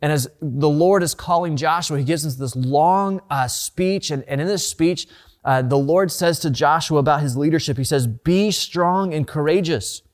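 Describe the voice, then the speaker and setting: A man's voice: a little high, normal speed. A man preaching a sermon as a pastor, earnest and conversational, often repeating words as he restarts a thought.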